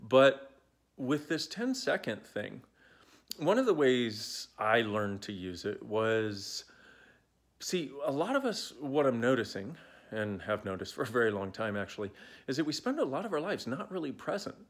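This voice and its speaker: A man in his forties speaks casually into a phone held at arm's length, coaching viewers in a playful, wandering way. His pitch swings widely and freely, and he drifts off on side jokes before circling back. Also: normal speed. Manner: animated, playful, digressive. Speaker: self-help speaker. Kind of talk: casual talk to camera.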